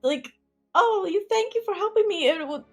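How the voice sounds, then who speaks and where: A woman voicing a high, fluttery lady who pretends to be blind, with a put-on Italian-tinged accent and halting, overly grateful speech. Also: expressive, faint music behind. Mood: flustered.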